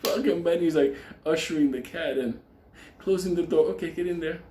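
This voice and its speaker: A man's voice: on the high side, fairly quick. Laughing New man telling a story. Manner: laughing, animated, heavy swearing. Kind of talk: profane storytelling. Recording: echoey room with faint ambience.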